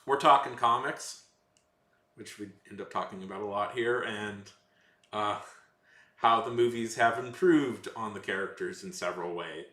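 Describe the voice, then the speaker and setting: Pushed and bright, this man's low-leaning voice moves at a moderate pace as he chats casually with his live chat during a stream. His talk rambles, with self-corrections and sarcastic side comments, and the sound echoes as if in a large room.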